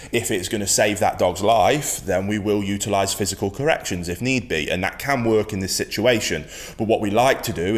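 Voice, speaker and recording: A man teaching dog training, speaking in a firm, emphatic way and repeating his key phrases. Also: fairly low pitch. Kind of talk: instructional talk to camera.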